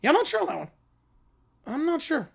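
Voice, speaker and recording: A live stream host chatting in a reaction stream, quickly reading out viewer questions and answering them. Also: high-pitched, big pitch swings, creaky. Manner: rapid, reads out viewer questions.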